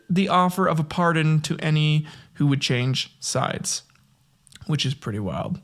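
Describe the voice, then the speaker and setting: Guy doing a history podcast, kinda high voice, swears a lot and cracks jokes between reading. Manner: profane, joking, reads from notes with slips and laughs. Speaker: podcast host. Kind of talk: casual history podcast retelling.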